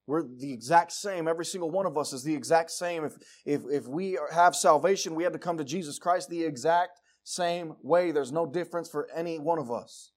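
A man preaching a sermon, telling folksy, jokey stories and swinging from hushed asides to loud outbursts. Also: fairly high pitch, fairly quick, hardly any pauses.

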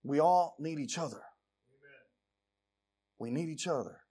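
High-voiced preacher, folksy and swinging loud. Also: male voice, unhurried. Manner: folksy, jokey storytelling that swings from hushed to shouting. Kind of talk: sermon.

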